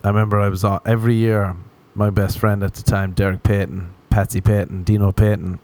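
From his apartment, a man from Ireland runs a solo comedy podcast full of self-deprecating jokes and wandering tangents with jokey asides. His lowish, slightly mellow voice moves briskly with a flat delivery.

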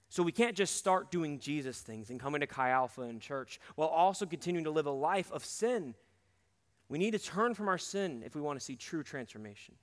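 A young man preaching a sermon to a campus ministry, earnest and emphatic, dropping low and quiet on his key points. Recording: long hall reverb.

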